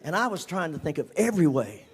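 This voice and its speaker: Older man, storytelling, high voice, animated, whispers for emphasis. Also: quick pace, slightly rough. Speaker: speaker giving a testimony. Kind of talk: storytelling to a congregation.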